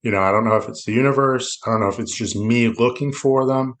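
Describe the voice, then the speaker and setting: A man's voice: mid-range voice, fast. A middle-aged man from South Florida, a loan officer talking as a podcast guest in a reflective, rambling way with many restarts. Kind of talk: casual interview talk.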